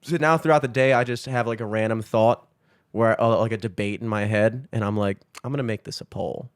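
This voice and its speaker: Young male podcast co-host, low voice, loose and profane, close dry mic. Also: fairly even intonation, brisk, clean tone, no room sound. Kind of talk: casual chat.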